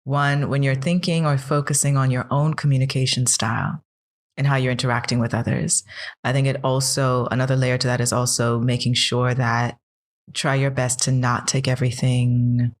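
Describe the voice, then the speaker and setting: A woman's voice: rumbling low, level tone, moderate pace. A woman co-hosting a podcast in casual chat, giving short replies and then explaining at length. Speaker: podcast co-host.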